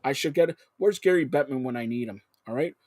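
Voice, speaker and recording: A male host on a live sports talk show, excitable and jumping between topics with loud outbursts. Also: mid-range voice, fairly quick, no room sound, studio quality.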